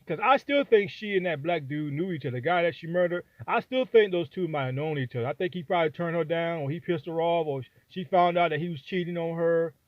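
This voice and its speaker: Brief: fired-up high-pitched man, AAVE, profane vlog rant, tinny phone-quality audio. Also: fast talker, hardly any pauses, no room sound. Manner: heated, profane, repetitive. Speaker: vlogger giving opinion. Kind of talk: angry opinion rant. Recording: dry, phone-like sound.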